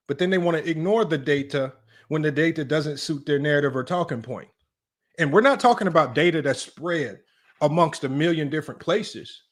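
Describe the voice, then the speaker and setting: A man hosting a livestream sports talk show, emphatic and repetitive, tossing in "right?" and "y'all" as he argues a point. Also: fairly high pitch. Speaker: sports channel host.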